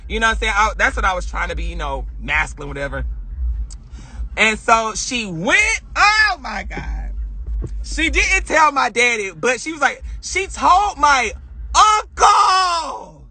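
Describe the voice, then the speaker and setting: A young woman vlogger telling a personal story in a chatty, animated way, swearing and acting out quotes. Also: medium pitch, moderate pace, husky. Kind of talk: casual storytelling.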